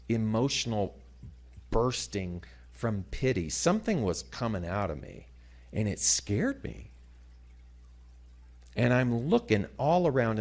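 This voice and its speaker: Speaking as a guest in a sermon-like address, a middle-aged man with a creaky, mid-range voice dramatizes a story, his delivery rising to loud moments and dropping to quiet ones.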